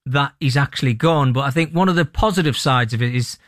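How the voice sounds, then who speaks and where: A man speaking as a football pundit on radio, thoughtful and halting, with frequent restarts. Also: medium pitch, no echo, studio quality. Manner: thoughtful, many restarts and ums. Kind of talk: sports radio discussion.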